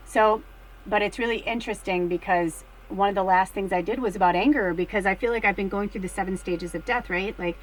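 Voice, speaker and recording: A middle-aged woman reading tarot cards in a casual, rambling chat, full of fillers, swinging between hushed and excited. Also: medium pitch, fairly quick, poor audio. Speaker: tarot card reader.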